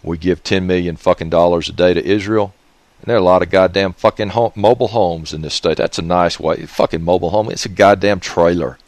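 A man's voice: deep voice, steady tone, fairly quick, dry recording. A man, hosting his own radio show in a profane, sneering, ranting monologue. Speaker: radio host.

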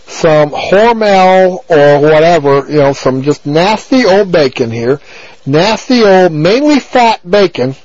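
A man's voice: on the high side, a little mellow, no echo. A man hosting a talk radio show, rambling on in a crude, abrasive monologue full of repeated filler phrases. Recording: dull lo-fi radio broadcast.

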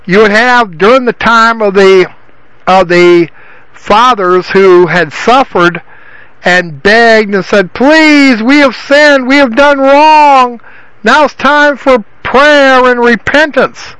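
A man's voice: sits high, a bit bright, dry recording, rough recording. A man giving an informal Bible teaching in a rambling way, with frequent restarts and filler phrases. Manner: rambling, repeats himself with many restarts and "you know".

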